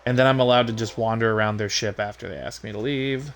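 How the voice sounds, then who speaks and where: A man's voice: fairly low pitch, steady tone, fast, fairly bright tone, slight background noise. A man streaming a game, reading the dialogue aloud and mocking the characters with casual profanity.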